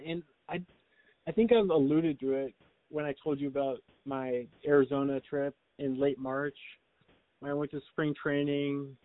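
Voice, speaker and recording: A man's voice: a little high, fairly even intonation, moderate pace, dry recording, phone-quality sound. A man on a podcast telling a long rambling story in casual chat, full of restarts and little laughs. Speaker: podcast co-host.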